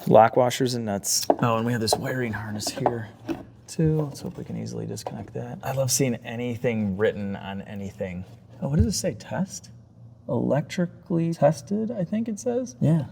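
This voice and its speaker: A young man filming a casual vlog in his garage workshop, chatting excitedly and joking while he works on a car with his tools. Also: medium pitch, vocal fry, slight background noise. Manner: chatty, excitable, jokey asides while working. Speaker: car restoration YouTuber.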